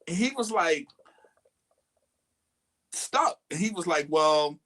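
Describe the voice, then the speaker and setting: A man's voice: high-pitched, expressive, quick pace, fairly bright tone, husky. A man co-hosting a podcast, casually and animatedly retelling a friend's dating story with quoted lines. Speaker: podcast co-host.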